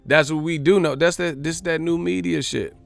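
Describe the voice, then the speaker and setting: A man's voice: on the high side, steady tone, normal speed, gravelly, soft background music. A man hosting a boxing live stream, ranting in a profane, mocking, repetitive way.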